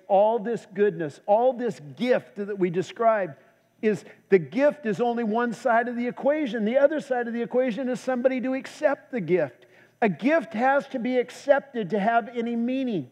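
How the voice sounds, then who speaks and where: A man's voice: high voice, a little mellow. A male pastor preaching a sermon, telling a humorous story before turning earnest. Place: church. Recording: echoey church hall.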